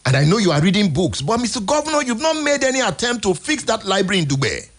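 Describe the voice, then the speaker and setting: Nigerian guy ranting on radio, high lively voice, bit husky, keeps asking why. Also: quick pace. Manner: emphatic, rhetorical, exasperated. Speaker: radio show host. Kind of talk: impassioned on-air commentary. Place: radio studio.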